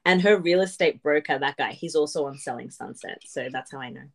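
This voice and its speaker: A woman's voice: sits low, a little fast. A woman co-hosting a podcast, talking bluntly and sarcastically in casual chat about a reality show. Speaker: podcast co-host.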